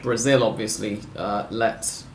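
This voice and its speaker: A man's voice: lowish voice, fairly even intonation, measured pace, echoey room, slight background noise. A man hosting a casual football podcast, talking in long rambling sentences with wry self-corrections. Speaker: podcast host.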